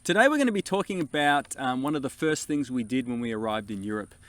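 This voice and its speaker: A man with an Australian accent co-hosting a family vlog, animated and self-mocking, often restarting his sentences. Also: medium pitch, quick pace. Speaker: co-host. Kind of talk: casual family vlog chat.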